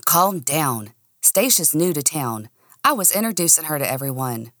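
A woman reading the lines of a young man who tries to calm things down in a brisk, placating way. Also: low-pitched, dry recording, clean studio sound, full character voice.

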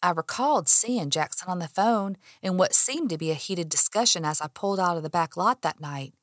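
A woman reading a first-person audiobook in an expressive way, acting out her own heated lines. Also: on the low side, a little fast, dry recording, clean studio sound. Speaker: audiobook narrator.

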